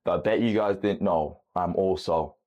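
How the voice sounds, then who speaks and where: Joking young-sounding man with low voice. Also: moderate pace, lo-fi sound, heavy background noise. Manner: joking, energetic, stumbles over words. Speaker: vlogger. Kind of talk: casual quiz vlog.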